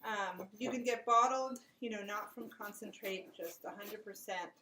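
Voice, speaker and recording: A woman's voice: mid-range voice, normal speed, heavy background noise. A woman hosting a home cooking show, walking through each step of a recipe in a casual, chatty way and chatting with a child in the kitchen. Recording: loud kitchen clatter of dishes and pans.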